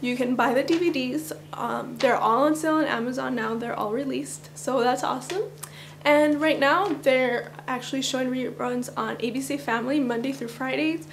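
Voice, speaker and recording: A woman's voice: high voice, normal speed, gravelly. Woman, casual vlog chat, rambling, morning voice with cracks, faint hum behind. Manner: chatty, rambling, with little laughs. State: groggy morning voice, slightly cracking. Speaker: vlogger. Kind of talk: casual fan countdown chat.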